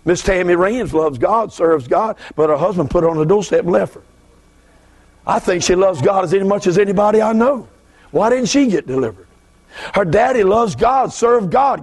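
Fervent Southern preacher man, high and gravelly. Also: expressive, moderate pace. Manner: fervent, swings from low asides to shouted bursts. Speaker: guest preacher. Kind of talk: revival sermon.

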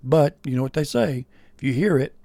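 A man's voice: medium pitch, expressive, a little fast, gravelly, dark tone, dry recording. A man co-hosting a morning radio show, chatting in an easygoing, folksy way with many fillers. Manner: easygoing, folksy, lots of "you know" and "yeah". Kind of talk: casual on-air chat.

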